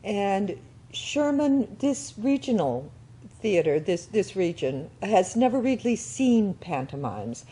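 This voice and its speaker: Woman host, encouraging interviewer, husky, warm voice, lively pitch. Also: takes it slowly. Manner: encouraging, reacting with short affirmations. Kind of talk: interview questions.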